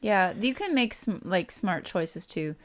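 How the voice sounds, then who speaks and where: A woman co-hosting a podcast in casual chat, laughing often and getting animated when annoyed. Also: medium pitch, unhurried. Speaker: podcast co-host.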